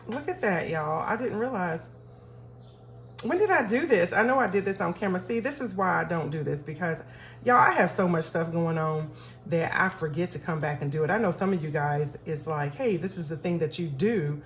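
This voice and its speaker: A woman's voice: lowish voice, lively intonation, normal speed, slight background noise. Chatty woman counting cash aloud. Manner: chatty, talks to viewers as y'all, counts aloud. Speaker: budgeting vlogger. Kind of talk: casual chat while counting cash.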